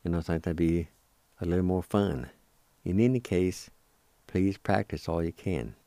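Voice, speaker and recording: A man hosting a radio language lesson, spelling and pronouncing each word slowly and patiently, repeating it several times. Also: sits low, warm tone, dry recording. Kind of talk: slow spelling and pronunciation lesson.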